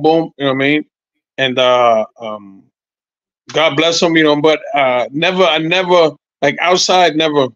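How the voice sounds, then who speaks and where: A man in his sixties, a former boxer, telling animated, profane stories as a podcast guest, repeating his points. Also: a little high, no echo, lo-fi sound. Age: 60s. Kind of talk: casual podcast chat.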